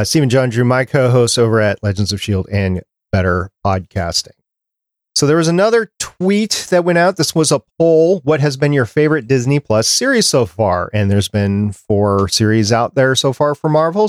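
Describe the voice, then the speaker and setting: A male podcast host in casual chat, reading listener tweets and polls out loud. He gets animated as he reacts. His mid-pitched voice is recorded close and dry. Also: no room sound.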